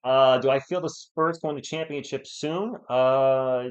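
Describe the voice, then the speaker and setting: A man from New England hosting a live sports stream, giving play-by-play and answering viewers in an excitable, fired-up way. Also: mid-range voice, moderate pace, few pauses, muffled recording. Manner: excitable, fired-up, talks straight to chat viewers. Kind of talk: live play-by-play commentary and chat replies.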